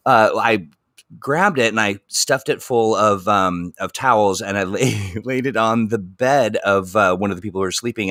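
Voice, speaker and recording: A man's voice: on the low side, a bit bright, no room sound, clean studio sound. A man hosting a casual live stream, chatty and laughing often.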